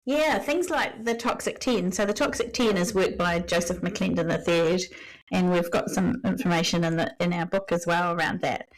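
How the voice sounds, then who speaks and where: A woman's voice: on the low side, normal speed, poor audio. A woman leadership coach answering podcast questions in an earnest, explanatory way, repeating key phrases and speaking frankly. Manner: blunt, frank wording.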